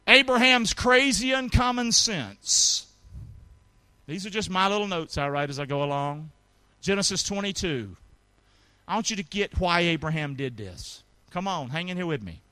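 A man's voice: sits high, normal speed, no room sound. A man preaching a sermon in a folksy, colloquial way, calling on his congregation to answer back. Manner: animated, calls for congregation response. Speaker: pastor.

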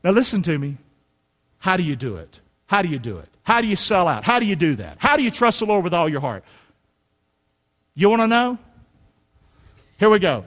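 A middle-aged male pastor preaches in a folksy, down-to-earth way, his high voice swinging widely and bursting into shouts. The long reverb of a large hall trails after every line. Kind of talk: sermon.

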